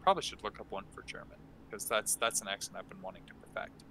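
A man running a game workshop, explaining slowly and casually with many ums and restarts. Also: lowish voice, bright, forceful tone, a little hiss or hum, poor audio. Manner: halting, many fillers and restarts. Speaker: game master teaching a workshop. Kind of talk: casual instructional talk. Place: online stream.

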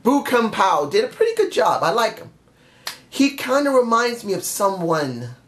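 A man's voice: high-pitched, wildly swooping pitch, moderate pace, fairly bright tone. Man ranting through a wrestling review. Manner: blunt, exasperated ranting with repeated questions. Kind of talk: casual spoken review.

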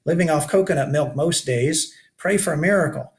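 Reading aloud at a moderate pace, a man pitches his natural voice higher than his own, landing on the high side. He plays a weary, rugged older man who keeps a shipwreck shelter and speaks in a lamenting, folksy backwoods way.

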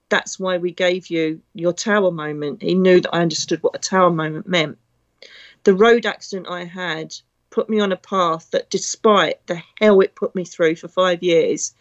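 Woman, middle-aged, medium, blunt and chatty, slightly dull recording. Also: fairly low pitch. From Britain. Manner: blunt, chatty, emotional storyteller. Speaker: psychic medium. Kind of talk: casual spiritual talk.

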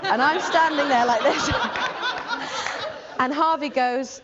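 A woman in her forties from England, an actress telling a comic story to an audience in an animated, giggly way. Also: high voice, a little slow, over a noisy crowd, heavy background noise. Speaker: actress guest. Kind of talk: comic anecdote before an audience. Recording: muffled audio, loud audience.

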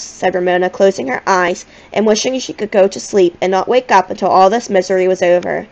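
A woman reading a children's novel aloud in a gentle, expressive storytelling manner. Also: medium pitch, a little fast, vocal fry, hardly any pauses, rough recording. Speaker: audiobook reader.

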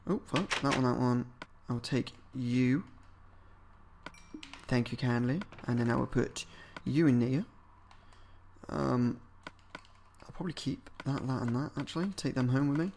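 A man giving casual gameplay commentary as a let's-player, swearing a lot and muttering and yelling at game enemies. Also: medium pitch, measured pace, pauses often, a little hiss or hum.

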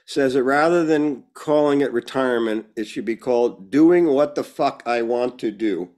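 Guest dude chatting in an interview, mid pitch, animated, tosses in jokes. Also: male voice, moderate pace. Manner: animated storyteller, jokes and asides. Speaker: guest speaker. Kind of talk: conversational interview.

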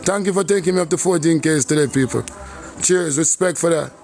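A man's voice: on the high side, fairly quick, vocal fry, faint music behind. A Jamaican man on a casual live stream, greeting viewers by name and humming and scatting between lines. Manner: shouts out viewers, hums and scats between lines.

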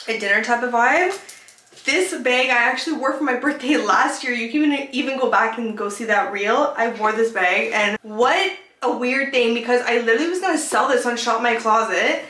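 A woman vlogger chatting casually to her viewers in an excitable, chatty way, swearing now and then. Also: a little high. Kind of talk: casual haul vlog chat. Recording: echoey room with faint background noise.

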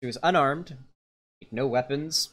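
A man's voice: medium pitch, a little slow, fairly bright tone. A young adult man streaming live, giving casual, rambling reaction commentary full of fillers and restarts.

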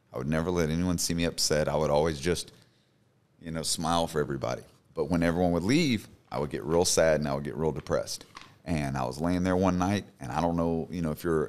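A man in his thirties, a podcast guest, telling his personal story in an earnest, emphatic way. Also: very deep voice. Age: 30s. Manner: earnest, emphatic, repeats for stress.

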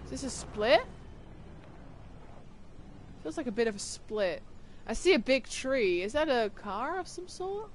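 A young woman streaming a game, chatting casually with viewers, tired and yawning, with excited bursts of greeting. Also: on the high side, unhurried, long pauses, slight background noise. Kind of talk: casual live-stream chat.

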